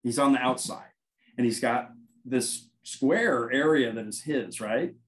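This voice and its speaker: A man's voice: medium pitch, unhurried, low-quality recording. Guy chatting on an interview, average voice, rambly storytelling, acts out the dialogue. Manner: rambling, animated anecdotes with quoted dialogue. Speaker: paranormal investigator guest.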